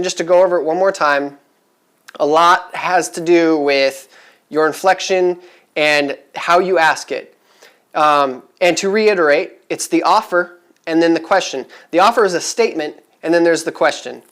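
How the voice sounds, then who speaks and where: A man's voice: fairly high pitch, moderate pace, a bit bright. A man talking casually to camera in a vlog, chatty and rambling with many fillers, upbeat and eager. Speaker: vlogger giving resale advice.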